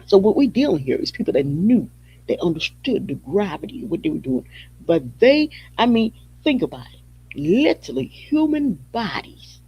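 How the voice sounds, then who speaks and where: A man's voice: sits high, big pitch swings, normal speed, breathy edge. A man hosting a podcast, giving emphatic, repetitive spoken commentary in a preaching tone. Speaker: podcast host. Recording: dull lo-fi audio.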